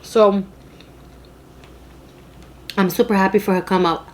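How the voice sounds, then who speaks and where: A young woman from New York with a New York accent, hosting an eating show and chatting casually, loud and expressive, laughing often. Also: mid-range voice, slow pace, a little hiss or hum. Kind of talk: casual chat while eating.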